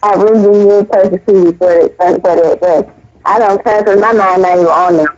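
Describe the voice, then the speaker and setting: Brief: earnest, rambling woman telling her story, mid-pitched, dull low-fidelity recording. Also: fairly even intonation, fairly quick, darkish tone. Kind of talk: casual spoken testimony. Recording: dull lo-fi audio.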